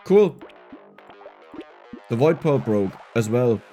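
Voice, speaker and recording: A man giving casual gameplay commentary, excitable and laughing often, with a strained, scratchy voice. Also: medium pitch, takes it slowly, soft background music. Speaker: gaming YouTuber.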